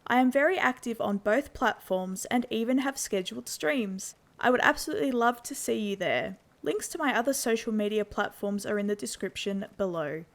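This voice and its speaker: A woman narrating a horror story as journal entries in a steady, measured reading. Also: a little high. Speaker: narrator and channel host.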